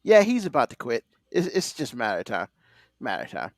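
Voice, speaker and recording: A man's voice: mid-range voice, huge pitch swings, fast talker, no room sound, clean studio sound. A man co-hosting a casual sports podcast, ranting animatedly and swearing freely. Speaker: podcast co-host.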